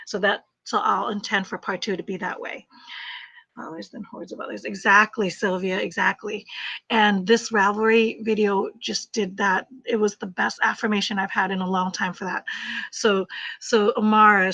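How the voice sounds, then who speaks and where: A middle-aged woman talks her way through a live crochet stream, chatty and emphatic, often repeating herself. Her voice is bright and forceful. The livestream audio is a little dull and muffled. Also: medium pitch. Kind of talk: casual livestream chat while crocheting.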